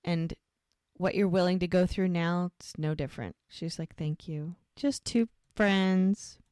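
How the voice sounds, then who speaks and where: A woman's voice: lowish voice, steady tone, a little slow, a little mellow, clean tone, no room sound, studio quality. A woman co-hosting a podcast, casually retelling TV scenes and acting out the characters' lines. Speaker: podcast co-host recapping a TV show.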